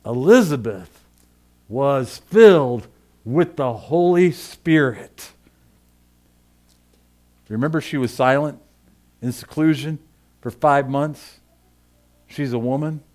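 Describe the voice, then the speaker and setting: A man pastor delivering a sermon with passion, dropping to a hush and then rising to loud emphasis. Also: mid-range voice, animated, takes it slowly, pauses often. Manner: impassioned, swings from hushed to loud.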